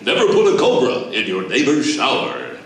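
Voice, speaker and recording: A man imitating an old-time male radio announcer, with a drawn-out announcer cadence. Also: mid-range voice, wildly swooping pitch, a bit bright. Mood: announcing. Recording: echoey hall, voice from far off.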